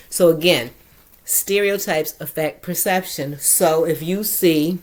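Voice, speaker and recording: A woman's voice: low voice, slow pace. A middle-aged woman hosting her own show, explaining ideas in a chatty, lecture-like way and often checking that the listener follows. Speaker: host. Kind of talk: casual explanatory monologue.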